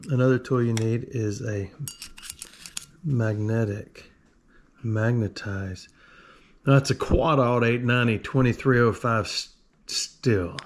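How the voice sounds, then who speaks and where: A man tinkers at a workbench and narrates each step in a loose, self-mocking ramble. His voice sits at an ordinary middle pitch. Faint background noise and small tool clicks run under his talk. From Alabama. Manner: joking, rambling, talks to himself while working. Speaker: video host. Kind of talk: casual workshop tinkering talk.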